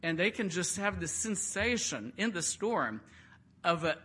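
A man's voice: high-pitched, very animated, a little slow, pushed and bright, breathy edge. A man preaching a sermon, retelling a Bible story in a conversational way and acting out the quotes.

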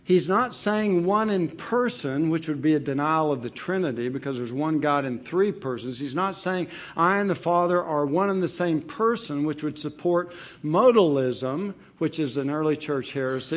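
A man's voice: a little high, moderate pace. A man preaching a sermon as pastor, reading verses aloud and stressing key words. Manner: emphatic, reads scripture aloud.

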